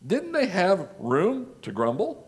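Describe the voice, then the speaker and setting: Slow, higher-voiced male preacher. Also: huge pitch swings. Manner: rhetorical questions, measured listing. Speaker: pastor. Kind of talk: sermon.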